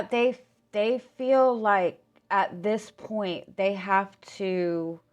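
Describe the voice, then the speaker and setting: This tarot reader's mid-range voice is a little mellow, though hoarse and fading. Her casual reading comes out in a halting way, with restarted words and frequent "like."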